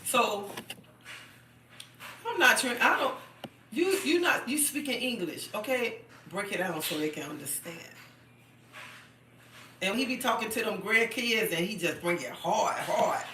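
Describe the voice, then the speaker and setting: Bright-voiced chatty woman livestreaming. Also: medium pitch, big pitch swings, measured pace, pauses often, reverberant, far from the mic, a little hiss or hum. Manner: chatty and emphatic, repeats herself, keeps asking "okay?". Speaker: livestream host. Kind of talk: casual live-stream chat.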